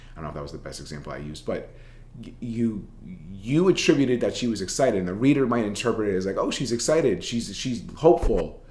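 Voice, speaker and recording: A man's voice: lowish voice, animated, quick pace, a little mellow, roomy sound. A man teaching a journalism writing class in a recorded lecture, talking casually and rambling, with many fillers and restarts.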